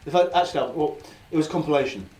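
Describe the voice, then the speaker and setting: A man's voice: a little high, very fast, darkish tone. A man in his thirties, co-hosting with crude, laid-back banter and laughing asides. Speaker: co-host. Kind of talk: casual banter. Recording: echoey room, far from the mic.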